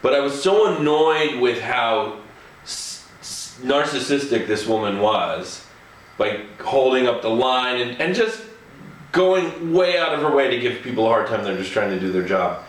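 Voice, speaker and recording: A man's voice: mid-range voice, lively intonation, measured pace. A man telling a casual anecdote in a chatty way, often chuckling as he talks. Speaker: storyteller. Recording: echoey room, faint ambience.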